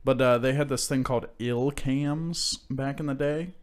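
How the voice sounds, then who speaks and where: A man's voice: medium pitch, fairly even intonation, moderate pace, smooth. A young man co-hosting a podcast, telling stories in a loose, rambling way with lots of fillers and swearing. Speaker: podcast co-host. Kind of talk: casual chat.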